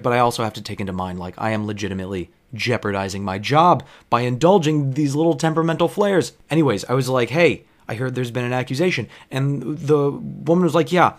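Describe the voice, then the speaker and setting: A man, a bartender, telling a long personal story from work. He swears freely, wanders off into digressions and pauses to reflect on how he acted. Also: a little high. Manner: digressive, profane, self-reflective.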